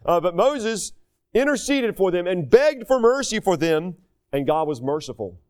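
A man's voice: sits high, sing-song, moderate pace. A man preaching a sermon from the United States, earnest and conversational, acting out quoted voices as he teaches. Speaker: pastor.

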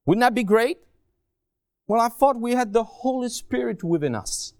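High-voiced man preaching a sermon. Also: expressive, dry recording, clean studio sound. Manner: dramatic, swings between soft asides and raised pleading; slow, drawn-out emphasis on key phrases. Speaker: guest preacher.

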